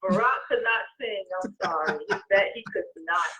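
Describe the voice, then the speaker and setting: A woman's voice: mid-range voice, moderate pace, a loud crowd. A woman co-hosting a political talk show, making dry remarks between laughs. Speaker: co-host. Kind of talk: casual chat.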